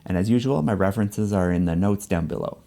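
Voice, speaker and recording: A man giving measured, scripted narration for an explanatory video essay. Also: lowish voice, gravelly, mellow.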